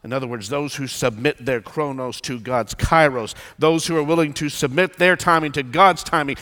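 A man preaching a sermon as pastor, swinging from hushed pleading to loud declaration. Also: mid-range voice, lively intonation, normal speed, few pauses. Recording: long church reverb.

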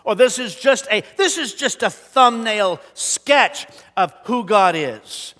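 A man delivers a sermon to a congregation, his voice high and bright. He swings from booming declarations to near-whispers and calls for responses from the room. Long reverb from a church hall trails every phrase. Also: lively intonation, slow. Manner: dramatic, swings from loud to whispered. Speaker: pastor.

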